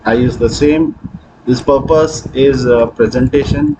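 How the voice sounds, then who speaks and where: A man hosting a software tutorial, talking through his screen with frequent hesitations. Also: mid-range voice, measured pace, background noise. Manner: hesitant, many fillers. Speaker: tutorial host. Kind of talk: screen-recording software walkthrough.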